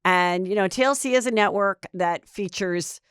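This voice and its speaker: A woman's voice: medium pitch, moderate pace, a bit bright, clean tone, no echo, studio quality. A woman hosting a podcast, chatting in a blunt, gossipy way with lots of fillers. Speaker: podcast host. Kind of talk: gossipy casual chat.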